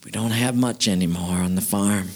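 A man playing a shy, humble older farmer who speaks softly and hesitantly in a folksy drawl. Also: fairly low pitch, normal speed, pitched below the performer's own voice, lightly acted. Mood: heartfelt.

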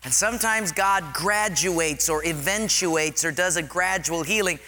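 A man preaching a sermon, telling stories with lively acted-out scenes. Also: a little high, a little slow, big-room sound, soft background music. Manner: animated storytelling, acts out scenes.

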